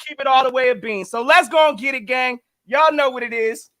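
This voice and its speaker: A man with a very high, sharp and bright voice hypes up a podcast. The sound is close and dry. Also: fairly quick, dry recording. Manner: loud hype-man energy. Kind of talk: hype podcast intro.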